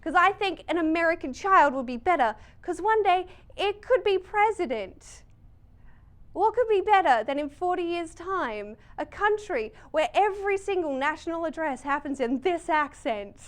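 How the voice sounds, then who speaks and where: An Australian woman in her late twenties works as a stand-up comedian and tells things in a dry, quick, wry way. Her voice sits high for a woman. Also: lively intonation. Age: late 20s. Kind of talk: stand-up comedy and interview chat.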